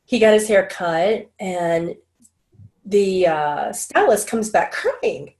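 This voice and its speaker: Woman, middle-aged, interview guest, animated storyteller, mid-pitched voice, lively delivery. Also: takes it slowly. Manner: animated storyteller, acts out quotes in higher voice. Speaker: interview guest, channel and medical intuitive. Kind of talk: casual interview talk.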